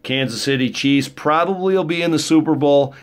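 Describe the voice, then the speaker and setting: Middle-aged minnesota guy rambling thru a story, jokey, rough around the edges. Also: a little high, brisk. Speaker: vlogger. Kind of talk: casual monologue.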